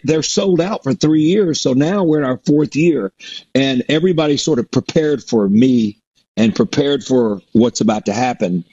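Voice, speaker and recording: Middle-aged male guest, husky, rambling storyteller, dull lo-fi audio. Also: fairly high pitch, darkish tone. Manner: rambling, with many restarts and fillers. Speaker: performer and guest. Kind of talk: casual interview storytelling. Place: performs a resident show in a Mississippi theater.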